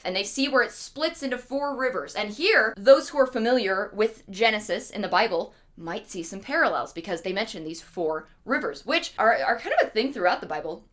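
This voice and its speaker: A woman's voice: medium pitch, fairly bright tone. A young woman streamer retelling a legend comically, in a chatty, sarcastic way with asides. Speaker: streamer and storyteller.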